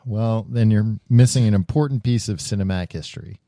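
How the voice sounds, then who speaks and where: Low, warm man, casual co-host, laughs easily, dry close sound. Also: brisk, no echo. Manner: laughs often, defends the film, hesitant fillers. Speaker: podcast co-host. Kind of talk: casual chat.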